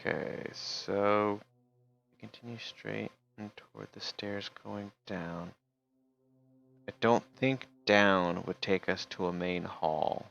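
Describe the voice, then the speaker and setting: A man's voice: lowish voice, steady tone, slow, vocal fry, a bit bright, highs cut off, soft background music. A man streaming, reading a text game aloud and casually remarking between passages. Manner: casual, reads narration then remarks.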